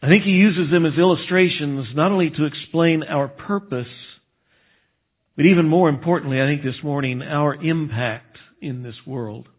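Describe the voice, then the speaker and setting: A man from Texas, a pastor, preaching a sermon in a conversational way and slowing down to stress key phrases. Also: a little high, breathy edge. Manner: conversational preaching, slows for emphasis. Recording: phone-like narrow band.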